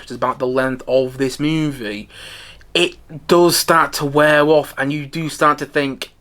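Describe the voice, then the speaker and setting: A man's voice: mid-range voice, fairly bright tone. A man hosting a podcast and giving a casual spoken film review, rambling and correcting himself, with chatty asides and laughs. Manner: rambling, self-correcting, repeats himself for emphasis.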